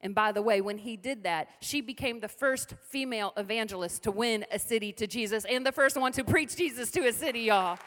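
A middle-aged woman pastor preaching a lively sermon with call-and-response to the congregation. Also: fairly high pitch, a little fast, few pauses, a faint crowd. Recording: reverberant hall.

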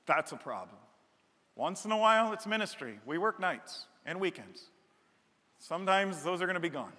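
A middle-aged man preaching a sermon as a pastor, animated and joking, building to emphatic repeated lines on a stage microphone. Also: high voice, moderate pace. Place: large church hall. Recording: long hall reverb.

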